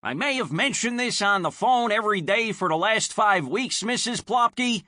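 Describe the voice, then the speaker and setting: A man's voice: high voice, big pitch swings, unhurried, dry recording, studio quality, voice pushed up, full character voice. A man voicing an exasperated, harried male pet shop owner in a storybook reading. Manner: exasperated, shouting.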